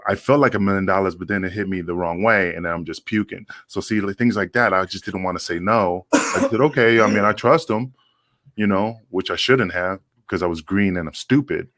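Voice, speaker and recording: Deep-voiced ex-wrestler telling stories. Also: male voice, a bit bright. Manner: loose, profane, halting with many fillers. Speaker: former pro wrestler, guest. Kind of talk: casual storytelling.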